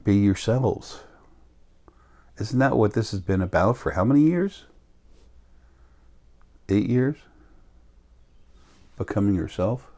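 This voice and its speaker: A man talking in a slow, rambling monologue to his viewers, sick and coughing now and then. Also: fairly low pitch, lively intonation, dark tone. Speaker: vlogger. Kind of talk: casual monologue.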